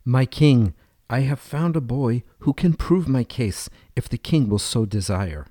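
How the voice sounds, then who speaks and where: Man voicing an old widow, grieving, pleading, mellow and dry. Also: medium pitch, expressive, measured pace, no echo.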